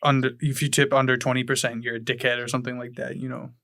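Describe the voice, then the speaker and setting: A man co-hosting a podcast, explaining things in a relaxed, casual way. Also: mid-range voice, quick pace, vocal fry, no echo, studio quality. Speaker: podcast co-host. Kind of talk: casual chat.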